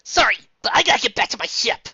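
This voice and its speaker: A loud, blunt young stallion pirate pony from a fan storybook, always hungry and impatient, as a woman reader puts him on. The voice sits high and swoops a lot. The recording is dry and a little dull. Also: big pitch swings, fast talker, husky, no echo, heavily acted. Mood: desperate.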